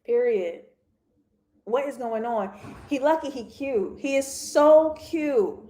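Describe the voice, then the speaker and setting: A woman with a high voice hosts a relaxed livestream breaking down a TV episode. She talks at an unhurried pace, animated and quick to laugh, and addresses her chat directly. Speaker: TV review host. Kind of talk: casual livestream review.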